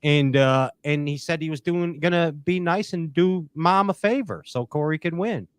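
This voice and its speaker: A man's voice: fairly high pitch, normal speed, smooth, dry recording. A man hosting a casual fishing chat over a video call, teasing his guests and laughing often. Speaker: host.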